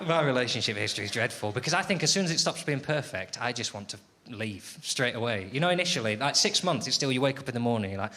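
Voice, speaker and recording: A man's voice: mid-range voice, lively intonation. Sardonic English man doing stand-up. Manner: sardonic, exasperated rants, quick crowd banter. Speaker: stand-up comedian. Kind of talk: stand-up comedy set with crowd work. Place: live comedy venue, audience laughing. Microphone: stage microphone. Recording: live show with loud crowd noise.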